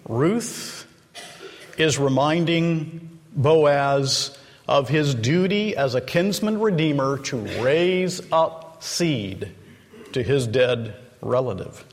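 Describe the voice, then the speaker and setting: A man preaching a sermon, retelling the story slowly and dramatically and acting out the quoted lines. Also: fairly high pitch, expressive. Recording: long hall reverb.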